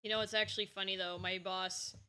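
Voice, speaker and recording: A woman streamer talks casually while she draws, in a chatty, playful, rambling way. Her voice is bright and forward. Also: mid-range voice, level tone, a little fast, clean tone. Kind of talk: casual chat while drawing.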